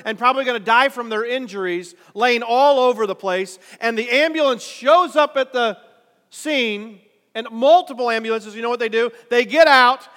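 A man preaching a sermon in a dramatic way, swinging between quiet, drawn-out lines and loud, urgent ones. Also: very high voice, in a large hall. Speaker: pastor.

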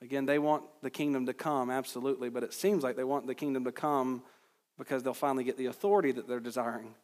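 A man's voice: mid-range voice, steady tone, quick pace, a little mellow, in a large hall. A man preaching an expository sermon in an earnest, emphatic way, with his voice climbing at points of stress. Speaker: pastor.

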